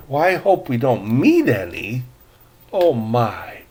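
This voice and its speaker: Older male storyteller, slow and lively read-aloud, playful asides to his listeners. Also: medium pitch.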